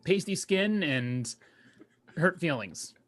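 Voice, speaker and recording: A man's voice: fairly high pitch, animated, slow pace, fairly bright tone. A man co-hosting a podcast in casual chat, joking and rambling, often stopping to correct himself. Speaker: podcast co-host.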